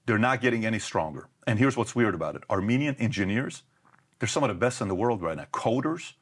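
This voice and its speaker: A man's voice: lowish voice, expressive, fast talker, husky. A middle-aged man as an interview guest, talking emphatically and firing off rhetorical questions. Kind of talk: conversational interview.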